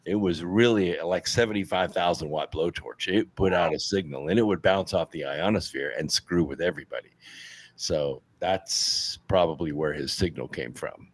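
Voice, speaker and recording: A man with a very low, deep voice speaking as a panel guest. His manner is relaxed and anecdotal. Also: normal speed, husky. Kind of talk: casual chat.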